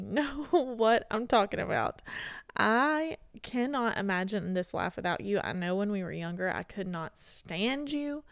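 A woman's voice: mid-range voice, vocal fry, dry recording, clean studio sound. A young woman hosting a podcast, speaking in a heartfelt, rambling and self-deprecating way, her voice worn and tired. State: tired voice, barely able to talk. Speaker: podcast host. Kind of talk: emotional solo podcast talk.

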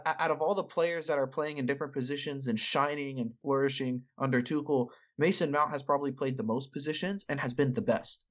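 A man of middle pitch talks at length and often restarts and hedges his sentences. He is co-hosting casual sports chat. The sound is muffled and lo-fi. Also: fairly bright tone. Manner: rambling, with many restarts and hedges. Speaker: podcast co-host.

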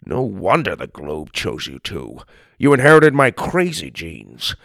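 A man voicing a gruff, deadpan grandfather in a children's audiobook, grumbling with dry sarcasm. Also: sits low, unhurried, no echo, exaggerated voice. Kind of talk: audiobook character reading.

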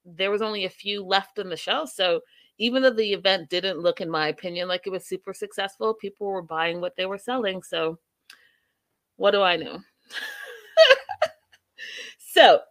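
A woman's voice: medium pitch, normal speed, long pauses, fairly bright tone, no echo. A young adult woman hosting a casual reality TV recap, chatty and opinionated, with playful asides to her viewers.

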